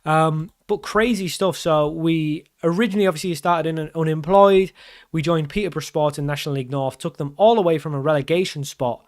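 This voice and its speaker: Guy yelling and groaning over a football sim, smooth clear voice. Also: a little high, fairly quick. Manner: excitable, groaning and pleading at game events. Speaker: gaming YouTuber. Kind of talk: live commentary on a football management game.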